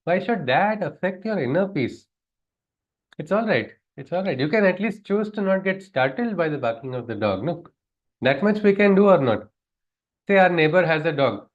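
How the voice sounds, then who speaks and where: A man gives a class on scripture in a mid-pitched voice. He talks conversationally, keeps asking his listeners questions and chuckles as he goes. The recording sounds dull and lo-fi. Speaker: spiritual teacher. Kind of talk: lecture on scripture.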